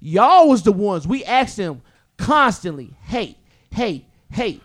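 A man with a high-pitched voice tells a story in casual chat, swearing freely and acting out the people in it. He is a comedian, lively and loose. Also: slow pace. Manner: animated, profane, acts out quotes.

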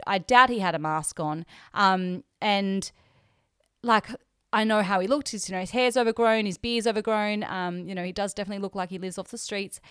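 A woman's voice: medium pitch, smooth, dry recording, studio quality. A young Australian woman hosting a podcast, telling a personal story in a chatty, emotional way and acting out the people in it. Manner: chatty, emotional, quotes herself and others in lively voices. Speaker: podcast host. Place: hotel room.

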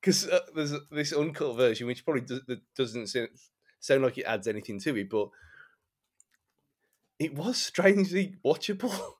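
A man's voice: mid-range voice, expressive, moderate pace. A man co-hosting a casual film review podcast, loose and chatty, laughing often as he talks. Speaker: podcast co-host.

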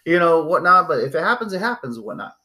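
A man telling stories in casual chat, swearing and acting out what people said. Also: fast. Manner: animated, swears, acts out quotes in a high voice.

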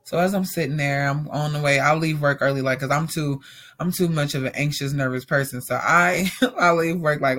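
A woman's voice: low-pitched, brisk. A young woman telling a personal story in a casual monologue, acting out the dialogue as she retells it and using "like" often. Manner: animated retelling, acts out quoted dialogue, frequent "like".

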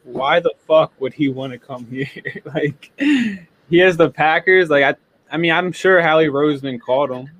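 A man's voice: fairly high pitch, moderate pace, fairly bright tone, highs cut off. A man co-hosting a casual sports podcast, blunt and profane, often laughing. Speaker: podcast co-host.

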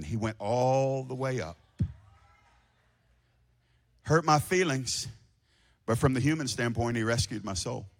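A man preaching an impassioned sermon to a congregation, swinging from shouting to hushed tones. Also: medium pitch. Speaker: pastor. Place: church before a congregation.

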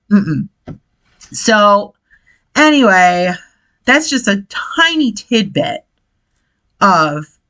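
On a low-quality recording, a mother with a medium-pitched, fairly bright voice hosts a casual podcast. Her monologue is chatty and exasperated, with the odd swear word, and her hands keep knocking the desk mic.

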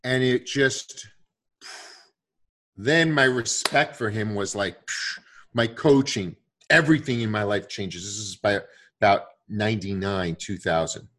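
A man with a husky, slightly breathy voice tells a story in a loose conversational way. He talks with animation and keeps slipping into quoted lines from the people in his story. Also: fairly low pitch, a little slow, fairly bright tone. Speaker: guest storyteller.

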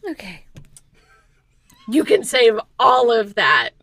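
A woman's voice: fairly high pitch, big pitch swings, takes it slowly, a bit bright, dry recording. A woman co-hosting a podcast, reading a true crime story with teasing, profane banter and frequent laughs. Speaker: podcast co-host.

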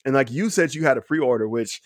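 A man's voice: medium pitch, animated, dry recording, clean studio sound. A man as a podcast guest in casual sports chat, telling a story with sarcasm. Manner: sarcastic, fast storytelling with laughs.

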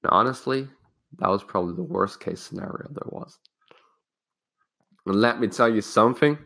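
A man's voice: medium pitch, sing-song, normal speed, creaky, long pauses, sharp tone. A young man hosting a casual self-help podcast, telling a personal story candidly and loosely, with some swearing. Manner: loose, rambling phrasing with restarts. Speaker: podcast host.

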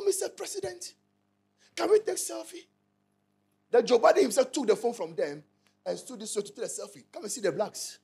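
A Ghanaian pastor preaches in an emphatic style, repeating his lines and calling out to his listeners. His voice is high and gravelly, with a husky edge. His pitch leaps and dips widely as he drives each point home. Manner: repetitive, call-and-response, emphatic. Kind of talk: sermon.

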